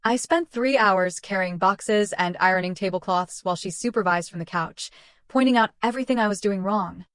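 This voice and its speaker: A woman reads a first-person story aloud in a steady, even voice at a middle pitch, clear and resonant, at a moderate pace. The recording is dry and close, with no room sound or echo at all.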